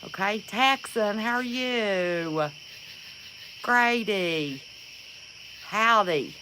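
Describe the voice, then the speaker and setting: A woman's voice: mid-range voice, animated, extremely slow, noisy background. A woman hosting a casual livestream, chatting and greeting viewers by name and calling them honey. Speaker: livestream host.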